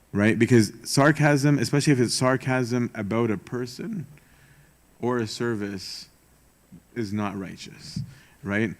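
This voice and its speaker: A man's voice: mid-range voice, unhurried. A young man, a priest giving a conversational retreat talk, informal and wry, often checking in with "right?". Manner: informal, rhetorical, frequent "right?" and "um"; self-aware sarcastic humor. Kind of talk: conversational sermon.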